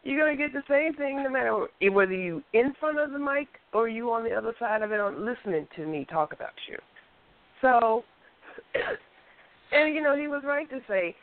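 A woman's voice: fairly high pitch, big pitch swings, moderate pace. A woman co-host in casual panel talk, blunt and full of profanity. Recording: phone-like lo-fi audio.

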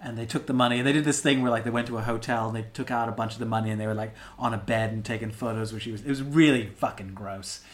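A man's voice: medium pitch, fairly even intonation, rapid-fire, few pauses. A man on a podcast telling a story in casual chat, rambling and swearing freely as he goes. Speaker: podcast co-host.

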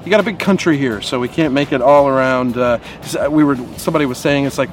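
A man's voice: medium pitch, fast, slight background noise. A man, an actor guest, talking casually and playfully in an interview, laughing at his own jokes.

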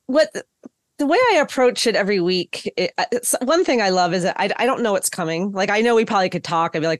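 A woman voice actor chatting casually on a podcast, animated and laughing often. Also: mid-range voice, fast, no room sound, studio quality. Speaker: voice actor on the show.

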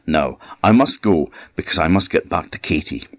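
A man with an Orcadian accent voicing an anxious, soft-hearted young male miller in a storybook tale, his voice strained and high. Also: expressive, normal speed, dry recording. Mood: excited. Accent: Orcadian Scots.

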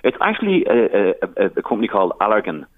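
A man's voice: fairly low pitch, wildly swooping pitch, fast talker, dry recording. An Irish man, a charity founder, telling stories in a radio interview with many restarts and some emotion. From Ireland. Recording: tinny phone line.

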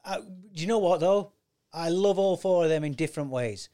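A man's voice: fairly high pitch, lively intonation, moderate pace, warm tone. A man co-hosting a podcast in casual chat, jokey and boisterous, swearing and laughing often. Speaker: podcast co-host.

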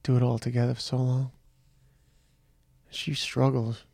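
Gravelly, tired middle-aged man reminiscing. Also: medium pitch, level tone, a little mellow, no room sound, studio quality. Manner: reflective, halting, with trailing restarts. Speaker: podcast host. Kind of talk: personal monologue, remembering his mother.

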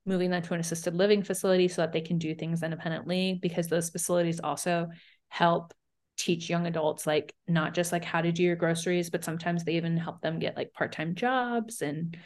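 A woman co-hosting a casual recap podcast, with a slightly low voice. She talks fast and loose, fills everything with "like", and keeps acting out quotes. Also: steady tone, darkish tone. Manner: chatty, lots of "like", acts out quotes. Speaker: podcast co-host.

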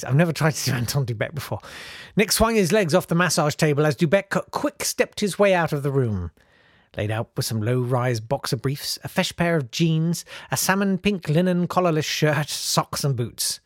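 A man's voice: a little high, animated, normal speed, no echo, studio quality. Man reading aloud with jokey asides. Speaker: comedy podcast host reading aloud.

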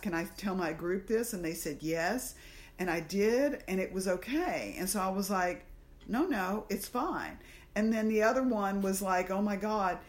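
A woman from the American South with a medium-pitched voice co-hosts a podcast. In casual conversation she tells a personal story, acting out the voices in her head.

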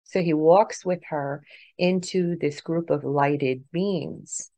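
A middle-aged woman, a podcast guest, telling an earnest personal story that swings between hushed and excited. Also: deep voice, takes it slowly, no room sound. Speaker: guest, author and paranormal investigator.

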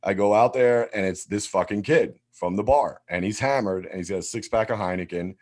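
A man's voice: on the low side, brisk. A man telling a wild story in casual chat, swearing freely and acting out what people said. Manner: animated, swears constantly, acts out quotes.

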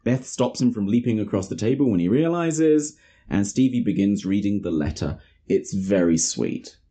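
A man's voice: on the low side, normal speed, husky. A man hosting a podcast, recapping a film in casual chat, laughing often and acting out the characters' lines. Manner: lively, laughing, acts out quotes from the film. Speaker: podcast host.

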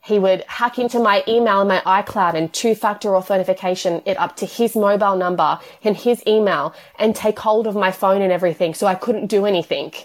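Woman, 30s, interview guest; earnest, rambling, mid-pitched delivery. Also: brisk, few pauses. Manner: earnest, tumbling run-on storytelling with many "like"s. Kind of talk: emotional personal interview.

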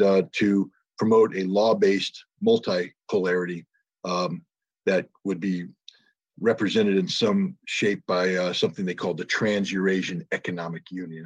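A man answering a question on a panel, giving measured analysis with many pauses and fillers. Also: low voice, slightly rough, no echo. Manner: measured, many ums and uhs. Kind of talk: analytical commentary.

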